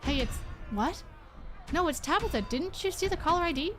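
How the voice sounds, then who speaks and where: A woman's voice: very high voice, lively intonation, normal speed, over music, pitched above the performer's own voice. A woman reading the lines of an anxious young woman on a phone call, urgent and snappish.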